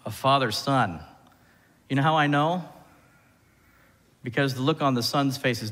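A man preaching a sermon as pastor, animated, often putting questions to the congregation. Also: medium pitch, a little slow. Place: church sanctuary. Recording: church hall reverb.

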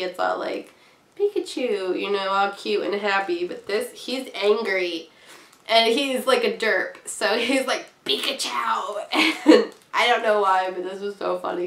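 A woman's voice: medium pitch, a bit bright, reverberant. Bubbly young woman with a cold. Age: young adult. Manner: bubbly, giggly, rambling. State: has a cold, coughing. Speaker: craft vlogger. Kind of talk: casual haul chat.

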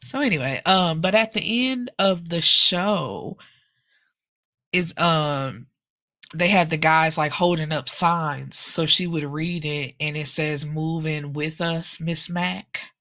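A woman's voice: deep voice, takes it slowly. Sassy, chatty woman reviewing a book. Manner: animated, sassy storytelling with asides. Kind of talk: casual book review chat.

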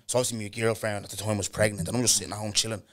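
A man's voice: fairly low pitch, flat delivery, rapid-fire, a bit bright. A young man with an Irish accent hosting a podcast in blunt, slangy casual chat. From Ireland. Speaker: podcast host.

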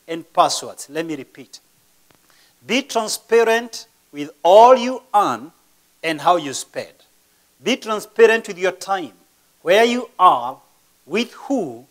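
A male pastor delivers a sermon in a high, raised voice at an unhurried pace. He fires rhetorical questions at his listeners and lets dramatic pauses hang. His loudness rises and falls sharply for emphasis.

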